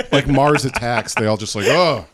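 A man's voice: mid-range voice, takes it slowly. A man co-hosting a comedy podcast, talking casually and jumping into exaggerated impressions. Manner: animated, jumps into exaggerated impressions. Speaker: podcast co-host.

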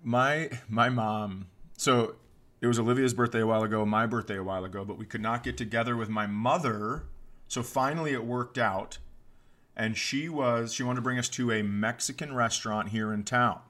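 A man co-hosting a comedy podcast in loose, joking chat, with a bright, forceful voice at a middle pitch. He riffs playfully and tends to jump into mock voices mid-story. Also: fairly even intonation, moderate pace.

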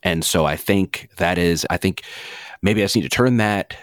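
An actor playing a hot-tempered, struggling devout Christian man, lurching between shouted accusations and sheepish apologies on an improvised comedy podcast. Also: low-pitched, normal speed, no echo, clean studio sound, natural voice. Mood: contrite. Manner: volatile, yelling accusations then sheepish apologies. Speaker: returning guest.

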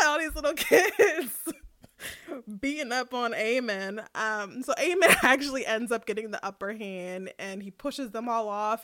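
A woman casually recapping a TV episode for a podcast, animated and laughing often as she tells it. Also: high voice, dry recording, studio quality. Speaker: podcast co-host.

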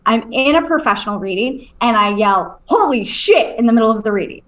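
Animated woman telling a ghost story. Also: fairly high pitch, quick pace, low-quality recording. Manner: animated, swears, keeps checking in with "okay?". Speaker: psychic medium and podcast co-host. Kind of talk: casual storytelling on a live stream. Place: at home.

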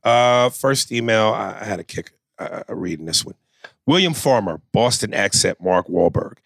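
Relaxed male podcast host. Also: fairly low pitch, normal speed, gravelly, no echo. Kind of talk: casual chat, reading listener email.

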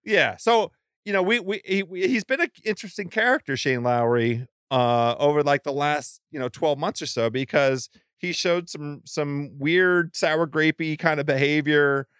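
A man's voice: fairly high pitch, moderate pace, fairly bright tone, smooth, no room sound, studio quality. A man co-hosting a podcast, chatting casually about golf in a laid-back way with lots of fillers. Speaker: podcast co-host.

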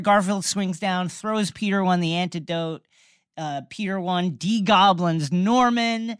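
A woman with a low-pitched voice walks through a film's plot in an easygoing conversation. She tells it with lively energy and frequent restarts. The recording is dry and close. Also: a little slow, clean tone, dry recording. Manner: animated storytelling, many restarts. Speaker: podcast co-host recapping a film. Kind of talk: casual chat.

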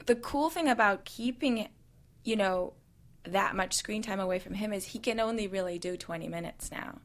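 A woman from South Africa, a guest telling an animated story with swearing and laughter in a casual chat. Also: mid-range voice, moderate pace.

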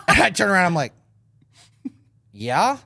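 An animated man telling a story on a podcast. He swings his voice widely as he acts out quotes and swears freely. The sound is dry and close. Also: high voice, brisk, no room sound. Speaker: guest.

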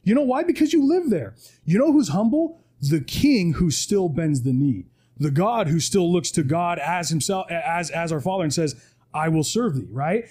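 This man's voice is a little high and a little mellow, with lively intonation at a normal speed. He's a podcast guest in a studio delivering an animated motivational talk, preaching with emphasis and frequently adding "right?" to his points.

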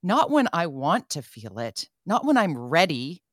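A woman's voice: deep voice, very animated, unhurried, dry recording, clean studio sound. A woman hosting a radio interview, speaking candidly and with self-deprecating humor, often laughing as she talks. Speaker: radio host.

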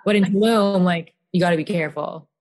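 A young woman as a guest in a casual chat, talking loosely with many fillers and trailing off quietly. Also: lowish voice, brisk. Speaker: podcast guest.

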